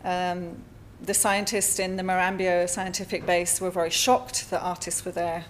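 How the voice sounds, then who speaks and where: A woman artist giving a conference talk at a symposium, speaking in a measured way with frequent fillers and pauses. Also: fairly low pitch, level tone, a little hiss or hum. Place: lecture hall.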